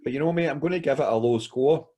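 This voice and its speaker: A man's voice: mid-range voice, fast, mellow, husky. A Glaswegian man co-hosting a casual beer review podcast, laid-back and chatty, full of "aye" and "mate". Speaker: podcast co-host.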